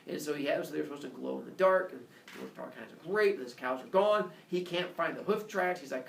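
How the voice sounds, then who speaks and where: A man's voice: a little high, a little fast, gravelly, few pauses. A man retelling a myth in a casual, playful, jokey way. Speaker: storyteller. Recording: echoey room, distant mic, faint noise.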